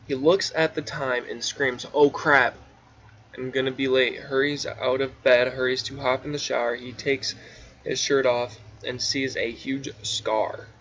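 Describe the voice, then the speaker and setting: Man, middle-pitched, casually reads his own story aloud, drowsy with asides; dull lo-fi recording. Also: fairly even intonation, measured pace, a bit bright. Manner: offhand, drowsy, stumbles and restarts. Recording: dull lo-fi recording with faint hiss.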